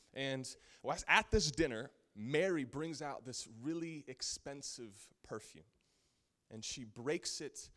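A man preaching a sermon, telling a Bible story in a casual, animated way and often saying "like". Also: lowish voice.

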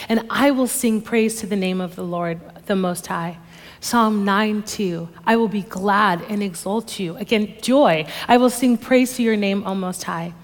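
A female pastor reading scripture verses in a measured way during a church sermon. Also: medium pitch. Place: church sanctuary on stage. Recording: long reverb of a large hall.

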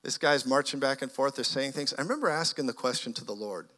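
A man preaching an energetic sermon as a guest preacher, moving between loud exclamations and hushed storytelling. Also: mid-range voice, fast. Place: church sanctuary. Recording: long church hall reverb.

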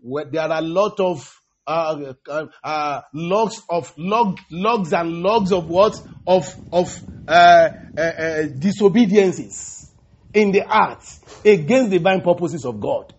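A man preaching a sermon, halting and repeating words, breaking in with hallelujahs and praise the Lords. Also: a little high, slightly rough. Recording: dull lo-fi recording.

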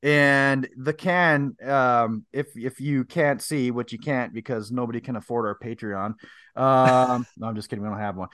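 A man's voice: medium pitch, steady tone, moderate pace, a bit bright, no echo, studio quality. A man co-hosting a podcast, chatting casually, joking and rambling as he reads drink labels aloud. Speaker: podcast co-host. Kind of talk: casual chat.

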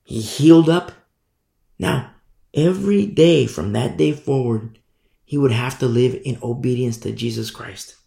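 A man's voice: mid-range voice, unhurried, creaky, mellow, reverberant. A man preaching a sermon, emphatic and repetitive, firing off rhetorical questions.

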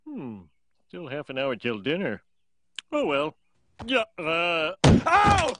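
A man's voice: a little high, wildly swooping pitch, slow, fairly bright tone, a little hiss or hum, full character voice. A man voicing a bumbling, lazy, dim-witted middle-aged cartoon father. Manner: dopey, sloppy, self-satisfied.

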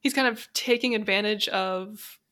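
A woman's voice: medium pitch, moderate pace, a bit bright. A woman co-hosting a casual film podcast, talking things through in a thoughtful, slightly hesitant way. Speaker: podcast co-host. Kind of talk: casual chat.

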